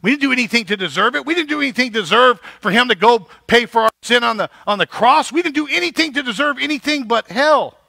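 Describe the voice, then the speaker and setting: A man's voice: very high voice, animated, fast talker, creaky, hardly any pauses, sharp tone, no room sound. A male pastor preaching a sermon, building emphasis and checking in with the congregation. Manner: preaching with rising emphasis and repeated "right?".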